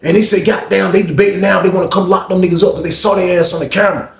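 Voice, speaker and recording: A man's voice: high-pitched, steady tone, racing, creaky, reverberant, pitched above the performer's own voice. A man voicing a furious male inmate who rants and curses about a lost holiday pack. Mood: agitated. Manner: heated, cursing, complaining.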